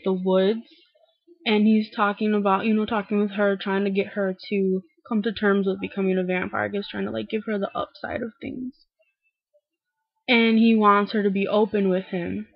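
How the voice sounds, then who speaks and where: A young woman talks through a TV episode in a loose, gushing ramble, peppering every line with "like" and slipping into quick impressions of the characters. She sits close to a cheap built-in mic, so her voice comes across dry and a little muffled. Her pitch is middling for a woman. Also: dry recording. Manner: gushing, heavy use of "like", acts out characters' lines. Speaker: TV recap vlogger. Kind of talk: casual chatty recap. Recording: dry dull lo-fi webcam audio.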